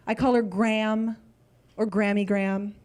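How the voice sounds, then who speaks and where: A woman's voice: mid-range voice, flat delivery, normal speed, a little mellow. A young adult woman performing a stand-up comedy set, talking in a chatty way full of "like" fillers.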